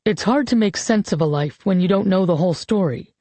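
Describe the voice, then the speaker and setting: A woman voicing a grieving grown man, a father giving a eulogy, in an audiobook; he speaks slowly and measuredly. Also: medium pitch, mellow, no room sound, lightly acted. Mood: solemn. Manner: slow, measured, solemn speech. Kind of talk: audiobook character reading.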